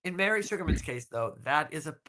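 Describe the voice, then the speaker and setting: A man co-hosting a casual chat, telling audition stories in an animated way with many restarts. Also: on the high side, fairly quick, crowd noise. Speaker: co-host.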